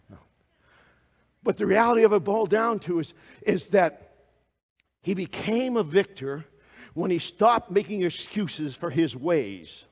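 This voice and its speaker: A man preaching a sermon to a congregation, asking them direct questions and swinging between loud exclamations and hushed asides. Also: on the high side, slightly rough, long reverb tail.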